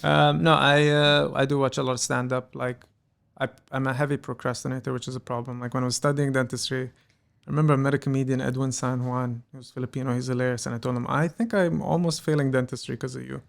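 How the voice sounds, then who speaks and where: A young adult man from the United Arab Emirates, a stand-up comedian chatting in an interview, telling animated stories and acting out the people in them. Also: medium pitch, quick pace, creaky. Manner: animated storyteller, acts out quoted people. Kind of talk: casual interview chat.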